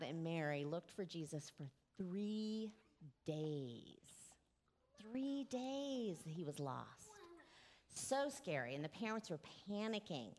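A woman in her forties with a somewhat low voice leads a children's sermon. She speaks gently and keeps asking the children simple questions to draw them in. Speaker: children's message leader.

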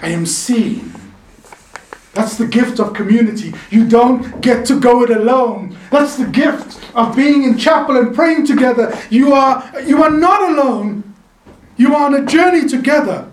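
A man preaching a sermon in a chapel, animated and playful, calling on the congregation to answer him. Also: very high voice, a little slow, a little hiss or hum. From South Africa. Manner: animated, playful, calls for audience response. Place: chapel in the mountains. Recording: echoey chapel, voice from a distance.

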